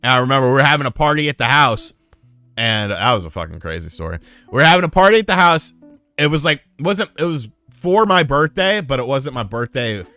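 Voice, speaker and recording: A man's voice: medium pitch, very animated, brisk, bright, forceful tone, no echo, soft background music. A man in his thirties hosting a casual livestream. He tells rambling, profane stories and thanks new members as they join. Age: 30s. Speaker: streamer.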